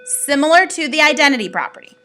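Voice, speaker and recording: A woman's voice: sits high, big pitch swings, fast, sharp tone, faint music behind. A woman teaching a recorded math lesson, explaining step by step with playful asides to her students.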